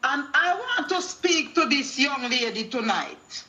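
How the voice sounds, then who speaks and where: Calling in to a talk show, a high-pitched Jamaican woman gives her testimony like a sermon, quoting scripture and shifting into patois to act out everyone's words. Her voice is bright and sharp, very animated, and measured in pace.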